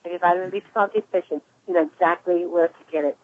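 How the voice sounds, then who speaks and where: Woman pastor host, quick and affirming, phone-quality audio. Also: fairly low pitch, steady tone. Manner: warm, affirming, quick-talking. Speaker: pastor hosting the call. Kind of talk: conference call hosting. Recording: phone-line conference call.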